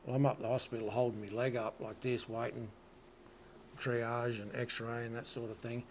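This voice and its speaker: Aussie guy telling yarns, relaxed, cusses a lot, faint hiss behind. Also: mid-range voice, normal speed. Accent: Australian. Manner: laid-back yarn-spinning, swears freely, says "you know what I mean". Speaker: interview guest, retired rodeo bullfighter. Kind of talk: casual storytelling.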